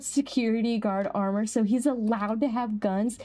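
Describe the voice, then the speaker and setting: Mellow-voiced woman streamer chatting. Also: moderate pace, hardly any pauses, faint music behind. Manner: chatty, laughs easily, bursts into high excited squeals. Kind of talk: casual live-stream chat.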